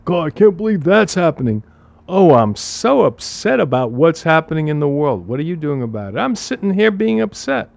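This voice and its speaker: A man's voice: high voice, sing-song, brisk, vocal fry, few pauses, no room sound, voice pushed up, exaggerated voice. A man acting out a fretful person who complains about the news in a whiny, exasperated voice.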